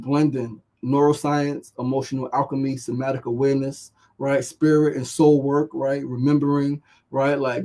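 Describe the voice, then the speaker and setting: A man's voice: medium pitch, mellow, low-quality recording. A man hosting a motivational show, talking with passion and frequent swearing, asking "right?" again and again. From New York. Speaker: podcast host. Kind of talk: motivational livestream talk.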